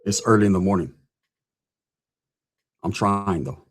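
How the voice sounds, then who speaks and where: A man casually telling a scary camping story, animated and profane, full of street slang and a constant "right?". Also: deep voice, measured pace, a little hiss or hum. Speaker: podcast host telling a story.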